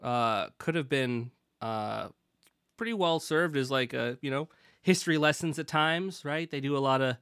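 A man's voice: mid-range voice, normal speed, a bit bright, smooth, no echo, studio quality. A man with a Pacific Northwest American accent hosting a casual podcast chat, rambling and self-deprecating, with lots of fillers. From born in Britain, raised in the Pacific Northwest. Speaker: podcast host.

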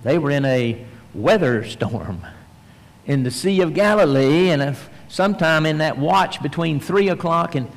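A man preaching a sermon in a folksy storytelling manner, swinging between animated emphasis and hushed, soft passages. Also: fairly high pitch, a little slow. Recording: long reverb, large hall.

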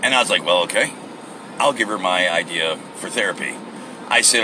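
A middle-aged man records a casual solo podcast from his car at a gas station, speaking a little fast in a deep voice over a noisy background. He rambles through a story, mimicking the people in it with mock voices.

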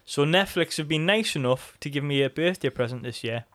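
A man co-hosting a podcast in casual chat, animated, swearing freely and laughing often. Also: on the high side, brisk. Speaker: podcast co-host.

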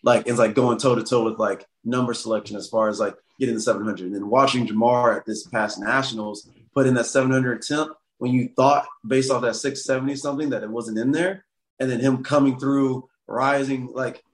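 Podcast guest, male, relaxed and rambling, mid pitch, echoey room. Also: brisk. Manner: relaxed, filler-heavy, lots of "like". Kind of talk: casual podcast chat.

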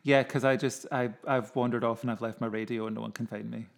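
A man's voice: mid-range voice, steady tone, fast, gravelly. A man in his twenties co-hosting a podcast, chatting casually with a wry, self-mocking manner. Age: 20s. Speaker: podcast co-host. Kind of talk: casual chat.

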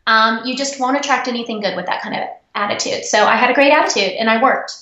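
A woman guest in an interview, telling personal stories in an earnest, animated way. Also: fairly high pitch, fast. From United States. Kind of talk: interview storytelling. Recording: echoey, dull remote audio.

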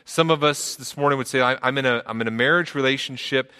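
Bright-voiced preacher in a reverberant hall. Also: male voice, quick pace, clean tone. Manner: earnest, repeats words, rises in pitch for emphasis. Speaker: pastor. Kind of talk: sermon.

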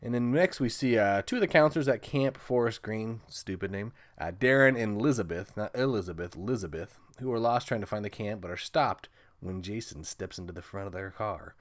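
A man's voice: fairly low pitch, fairly quick, no room sound. A man giving a casual, sarcastic movie recap with plenty of swearing. He laughs often and acts out the characters' lines. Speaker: movie reviewer.

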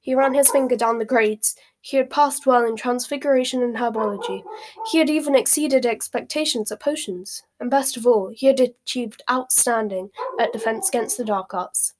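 A woman narrating a storybook aloud, measured and expressive. Her voice sits on the higher side. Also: a little hiss or hum. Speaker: audiobook reader.

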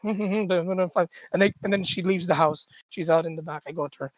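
A man's voice: sits high, steady tone, brisk, few pauses, dry recording. A man co-hosting a podcast, telling family stories in casual chat and laughing often. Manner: laughing storyteller, switches between English and Tagalog. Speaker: podcast co-host.

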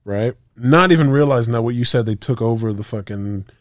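Animated storytelling podcast man. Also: mid-range voice, a little fast, no echo, studio quality. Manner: animated, profane, acts out quotes with sound effects. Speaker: podcast co-host. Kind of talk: casual storytelling chat.

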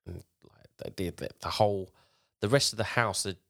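Deep-voiced man telling a story. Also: normal speed, gravelly, a bit bright. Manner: rambling, with frequent restarts while retelling a tale. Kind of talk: casual storytelling.

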